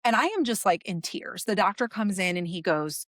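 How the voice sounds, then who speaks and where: Animated woman telling a personal story. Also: medium pitch, moderate pace, dry recording, clean studio sound. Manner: animated storyteller, acting out the dialogue. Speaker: podcast guest. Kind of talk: personal story told in conversation.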